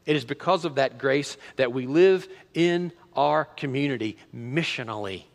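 A middle-aged man pastor preaching a sermon in a church, animated, full of rhetorical questions and restarts. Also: mid-range voice, moderate pace, vocal fry, big-room sound. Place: church sanctuary.

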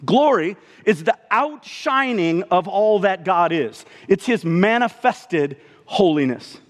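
A man preaching a sermon to a congregation, expressive, often dropping his voice low for emphasis. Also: slow, long reverb tail. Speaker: pastor.

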